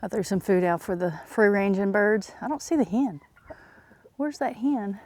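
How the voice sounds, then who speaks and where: Doing chores outdoors on her farm, an Oklahoma homesteader vlogger chats casually, slightly out of breath and rambling with frequent fillers. She speaks at normal speed in a mid-range, somewhat mellow voice.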